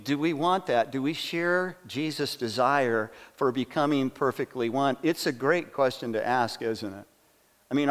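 A man's voice: on the high side, clear, resonant tone. A male pastor preaching a sermon in a conversational way, often putting questions to the congregation. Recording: long hall reverb.

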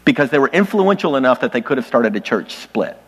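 A man's voice: medium pitch, sing-song, fairly quick, slightly rough, long reverb tail. A man preaching a sermon to his congregation, conversational and lightly humorous, often speaking straight to the listeners. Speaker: pastor. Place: church sanctuary.

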